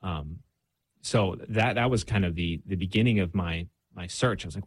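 With a low voice and a slightly fast pace, recorded without echo, a young guest shares his faith story in a casual conversation. He's candid and pokes fun at himself, stumbling through fillers and restarts.

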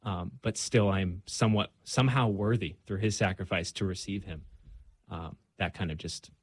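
A young man with a slightly low voice talks earnestly and reflectively, often pausing on fillers. The sound is dry and close, with no room around it. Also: husky, dry recording. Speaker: guest. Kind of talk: casual conversation.

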